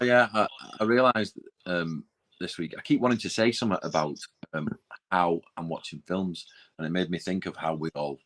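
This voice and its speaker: A man in casual podcast chat, rambling and cutting himself off, often dropping into quiet asides. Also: low-pitched, poor audio. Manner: rambling, self-interrupting, drops into quiet asides. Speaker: podcast co-host.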